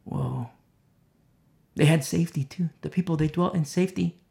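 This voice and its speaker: A man preaching an expository Bible sermon in a fairly high voice. He repeats his key phrases and swings from loud, fervent peaks down to hushed, low asides. He has the urgent delivery of a preacher pressing his point. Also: normal speed, creaky.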